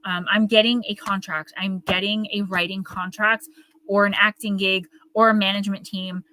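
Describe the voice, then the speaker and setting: A woman's voice: mid-range voice, level tone, moderate pace, bright, forceful tone, a little hiss or hum. A woman with a Northern New Jersey accent, chatting and rambling to her viewers as she hosts a live oracle card reading.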